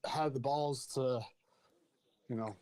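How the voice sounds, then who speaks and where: A man's voice: mid-range voice, steady tone, slow pace, background noise. A man on a casual podcast who talks hesitantly, stumbling and restarting often.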